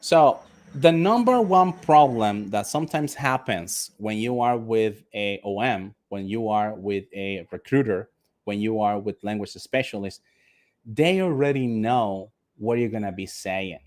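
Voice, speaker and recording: A man's voice: on the low side, unhurried. Nicaraguan man teaching English class. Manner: emphatic, repeats questions to the class, acts out angry customer. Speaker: English teacher for call center staff. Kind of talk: online class lecture.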